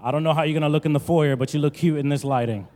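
A male pastor from New Jersey preaching a sermon, telling a joking story and rising to loud, emphatic bursts. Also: fairly high pitch, steady tone, very fast. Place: large church hall. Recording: long church-hall reverb.

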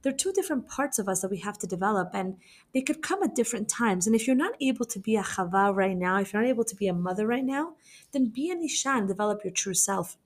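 A young adult woman hosts a podcast as a dating coach and matchmaker, her medium-pitched voice expressive and quick. She gives casual advice in a conversational monologue, weaving in stories and lots of fillers like "you know."

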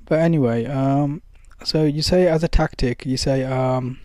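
A man's voice: mid-range voice, steady tone, a little slow, hardly any pauses, a little mellow, no room sound. A man giving casual spoken advice in a loose, conversational way, full of fillers and acted-out dialogue.

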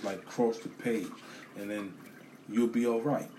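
Animated man on a profane rant. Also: on the low side, unhurried, a little hiss or hum. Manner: animated, swears a lot, repeats himself.

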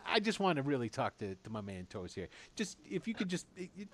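A man voicing a chatty male tavern boss in a tabletop game, talking in quick salesman patter. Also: mid-range voice, sing-song, no room sound, voice pushed down. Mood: wheedling.

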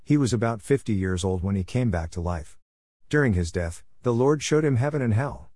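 A man's voice: fairly low pitch, expressive, moderate pace, a little mellow, dry recording. A man earnestly narrating a religious testimony in a solemn, scripted way.

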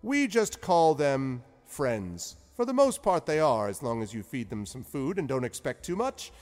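A man's voice: medium pitch, sing-song, unhurried, darkish tone, in a large hall, voice pushed up. A man voicing a jolly, eccentric male wizard who chatters whimsically.

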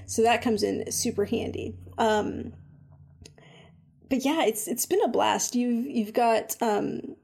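A woman chatting casually about a game she has been playing, full of "like" and "um", animated when she retells her own reactions. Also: fairly high pitch, slow, gravelly, husky. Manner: chatty, lots of fillers like "like" and "um". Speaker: video game reviewer. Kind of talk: casual chat.

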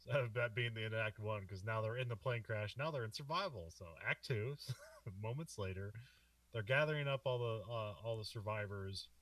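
A man's voice: fairly low pitch, moderate pace, a bit bright, no room sound, distant mic. A man co-hosting a podcast, recapping a film in a loose, rambling way and laughing often. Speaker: podcast co-host. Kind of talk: casual film discussion.

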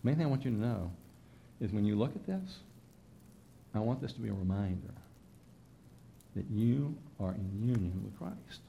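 A man preaching a sermon to his congregation, emphatic, rising loud on key lines and then dropping soft. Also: on the low side, expressive, moderate pace, vocal fry, long pauses, slight background noise. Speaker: pastor.

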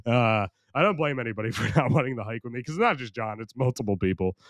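This young podcast host from the United States talks fast and expressively at a medium pitch. Alone on the mic, he rambles, jokes crudely at his own expense and keeps restarting, his voice strained and tired from recording. The audio is studio quality with no room sound.

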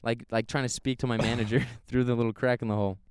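A young man co-hosting a podcast, telling stories with loud high-pitched impressions of other people. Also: quick pace, clear, resonant tone, no room sound, clean studio sound. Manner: animated storyteller, yells high when quoting people. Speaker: podcast co-host. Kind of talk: casual chat.

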